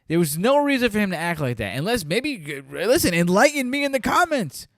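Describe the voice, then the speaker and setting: A man's voice: high-pitched, big pitch swings, fairly quick, hardly any pauses, fairly bright tone, dry recording, clean studio sound. A man hosting a podcast, chatting casually about a movie and acting out scenes in quoted voices. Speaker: podcast host. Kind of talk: casual movie review chat.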